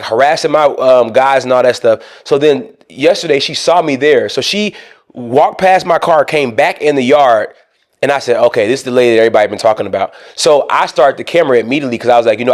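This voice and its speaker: A man co-hosting a podcast, telling a long story in a casual, animated way and acting out both sides of an argument. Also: mid-range voice. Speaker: co-host.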